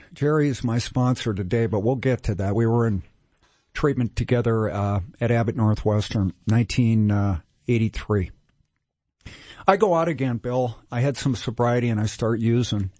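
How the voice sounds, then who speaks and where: A man's voice: medium pitch, darkish tone, no echo. Man in his sixties from Minnesota, guest storyteller, candid and self-mocking, dry close sound. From Minnesota, USA. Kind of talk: casual storytelling.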